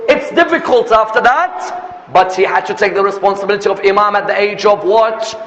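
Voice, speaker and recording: Man preaching, high voice, impassioned rhetorical questions, faint background noise. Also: brisk, fairly bright tone. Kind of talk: sermon. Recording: echoey hall, muffled lo-fi sound, faint noise.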